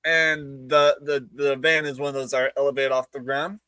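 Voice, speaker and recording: A man guest telling funny personal stories in casual chat, laughing often and jumping into squeaky voices for quotes. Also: little pitch movement, normal speed, pushed and bright, clean tone, dry recording. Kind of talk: casual storytelling.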